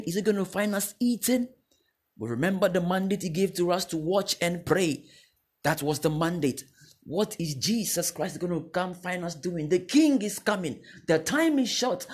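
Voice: medium pitch, breathy edge. A preacher giving a sermon, exhorting the listeners with repeated questions and refrains that rise into fervent calls. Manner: repetitive exhortation, rising to fervent repeated cries.

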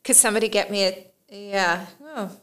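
A woman co-hosting a relaxed podcast conversation, talking it through in a thoughtful, unhurried way. She often restarts her sentences and laughs lightly as she shares her views. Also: mid-range voice. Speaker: podcast co-host, PR and communications professional. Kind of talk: casual discussion podcast.

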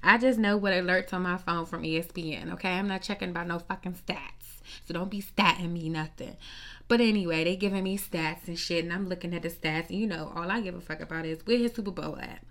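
A woman ranting in a casual, profane gossip monologue, sassy and animated, with lots of rhetorical questions. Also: fairly low pitch, fairly quick. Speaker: commentator. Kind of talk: casual celebrity gossip rant.

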